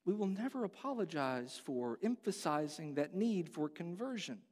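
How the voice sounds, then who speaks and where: A man's voice: on the high side, expressive, normal speed, hardly any pauses, a little mellow, long reverb tail. A man preaching a sermon as pastor, earnest and conversational, asking the congregation direct questions. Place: church sanctuary.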